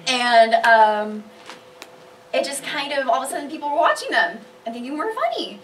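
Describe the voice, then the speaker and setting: A woman cosplayer on a convention panel, chatting casually and telling animated stories with lots of laughter. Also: high-pitched, moderate pace, distant mic, slight background noise. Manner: bubbly, laughs often, animated storytelling.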